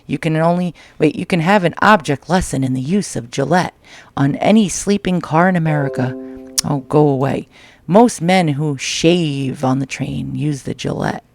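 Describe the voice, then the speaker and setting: Speaking at a measured pace in a fairly high, creaky voice, a New York vlog host reads old magazine ads aloud and cracks crude jokes about them. It's a dry home recording in a small space, with a dryer tapping in the background.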